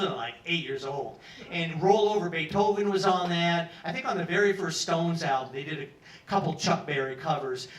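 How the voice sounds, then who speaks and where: A man's voice: fairly high pitch, fairly bright tone. A man in his sixties telling a casual, profane story live in a pub. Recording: roomy pub from far off.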